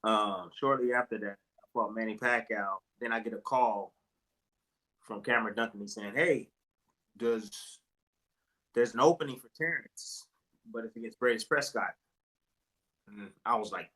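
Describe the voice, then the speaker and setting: A man in an interview, retelling boxing stories in a casual, animated way and acting out what others said. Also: mid-range voice, moderate pace, pauses often, faint music behind, poor audio. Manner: animated, acts out quotes with voice jumps. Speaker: interview guest, retired boxer.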